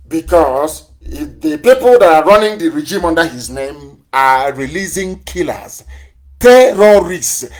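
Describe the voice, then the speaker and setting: A man giving a fiery live broadcast address as a movement leader, full of repetition and rhetorical questions. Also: a little high. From southeastern Nigeria.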